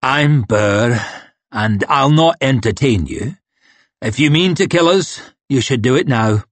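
A man's voice: medium pitch, expressive, unhurried, dry recording. A man voicing an old, dignified lord marshal who speaks in a stiff, formal way. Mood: defiant.

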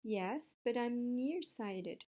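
A woman voicing a gentle, wise female spider in a storybook reading. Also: fairly high pitch, extremely slow. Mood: kindly. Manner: calm, gently explaining.

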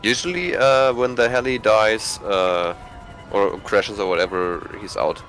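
A man's voice: lowish voice, a little slow, a bit bright, faint music behind. A man organizing an online game hunt, chatting casually over voice chat with many hesitations. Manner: hesitant, lots of fillers and restarts. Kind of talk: casual voice chat while gaming.

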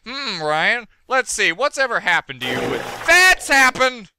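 Excitable man yelping through a game. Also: high voice, normal speed, creaky, noisy background. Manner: talks to himself and the characters on screen. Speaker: gaming video host. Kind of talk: let's play commentary.

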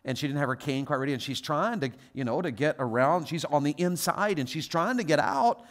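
A man preaching a sermon as a guest pastor, telling stories with quoted voices and moving from quiet asides to loud exhortation. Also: on the high side, lively intonation, fairly quick.

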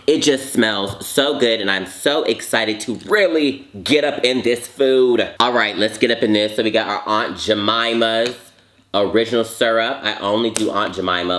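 A young man hosting a casual mukbang vlog, sassy and animated, jumping high in pitch and then drawling low and slow. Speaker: vlogger.

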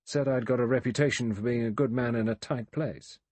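A man's voice: mid-range voice, steady tone, brisk, a little mellow, dry recording, voice pushed up, natural voice. A man doing a wry, guarded adventurer. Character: cool, sardonic male adventurer.

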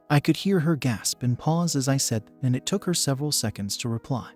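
A man giving a steady, scripted first-person narration of a story. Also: medium pitch, fairly quick, few pauses, faint music behind.

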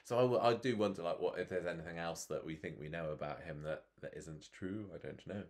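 Low-voiced chatty male podcast co-host. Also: fairly quick. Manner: chatty, jokey, laughs often. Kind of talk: casual chat recapping a soap.

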